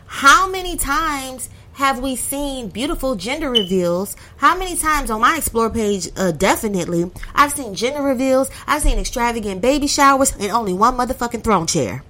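Bright-voiced woman telling a story. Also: fairly high pitch, normal speed, few pauses. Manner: animated, acts out friends' voices in quotes, swears freely. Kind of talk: casual storytelling monologue.

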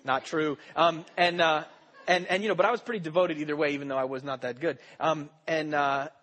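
Young guy pastor preaching, pretty high voice, rambly jokey stories with lots of ums. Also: steady tone, fairly quick, fairly bright tone. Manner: rambling, joking storyteller with many fillers. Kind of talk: sermon.

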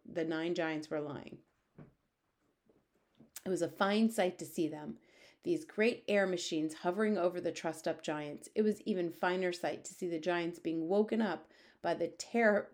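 A woman reads a children's book aloud in a steady, measured way. Her voice sits a little low for a woman. She narrates evenly from one passage to the next. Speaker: reader.

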